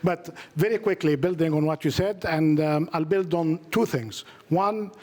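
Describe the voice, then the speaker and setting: A man moderates a conference panel with a voice a little higher than most. He talks hurriedly and works through his points as quick lists. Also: darkish tone.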